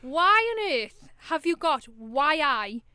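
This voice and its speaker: Bright high Sunderland woman host. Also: big pitch swings, slow, no room sound. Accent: Sunderland (Mackem). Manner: teasing, playful. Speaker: podcast host. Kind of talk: casual podcast chat.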